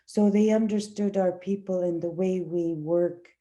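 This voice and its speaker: A woman from Igloolik, whose first language is Inuktitut, answers on a discussion panel. She speaks slowly and with a very dark, low timbre, pausing and restarting as she looks for words. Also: steady tone. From Igloolik, Nunavut. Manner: slow, searching, many fillers and restarts. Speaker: actress.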